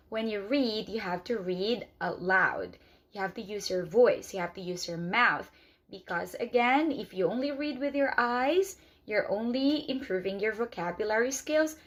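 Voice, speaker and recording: A woman English teacher who is not a native speaker, explaining step by step in a casual spoken lesson. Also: medium pitch. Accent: non-native English speaker. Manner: earnest, explains step by step with many "okay"s.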